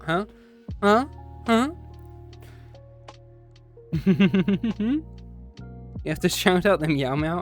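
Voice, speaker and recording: After a history lesson, a man with a fairly high-pitched voice chats casually with his stream viewers. He is playful and teasing, and he often slips into meows and growls.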